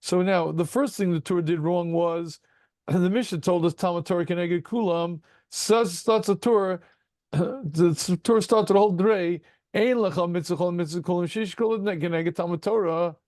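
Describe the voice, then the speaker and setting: A man teaching a Talmud class to students over a video call, asking rhetorical questions and breaking into quick chuckles. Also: high voice, gravelly, no echo, studio quality. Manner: animated, rhetorical questions, addresses students as gentlemen; self-deprecating chuckles, quick asides.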